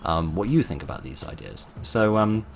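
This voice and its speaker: A man's voice: fairly low pitch, lively intonation, moderate pace, vocal fry, faint music behind. A man hosting his channel, talking informally and thoughtfully, with many fillers and restarts. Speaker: channel host.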